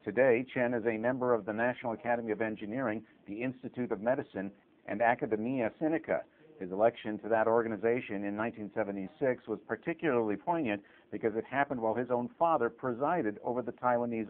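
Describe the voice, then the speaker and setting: A man narrates a documentary in a scripted, even and informative way. His voice sits at a middle pitch. The recording is thin and tinny, like a phone line. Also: fast talker.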